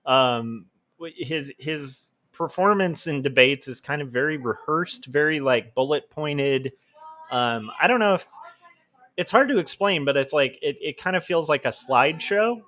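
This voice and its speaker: A man's voice: on the high side, unhurried, a bit bright. A man in his forties hosting his own livestream from home, chatting casually with lots of fillers and restarts and poking fun at himself. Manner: rambling and self-deprecating, many fillers and restarts.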